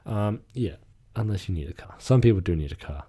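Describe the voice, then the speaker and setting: A man's voice: deep voice, lively intonation, a little fast, mellow, breathy edge. A young man hosting his own podcast alone, talking casually and rambling, with lots of fillers and casual swearing, a bit of a cough coming on. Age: young adult. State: getting a cough. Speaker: podcast host. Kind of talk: casual solo podcast talk. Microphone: microphone.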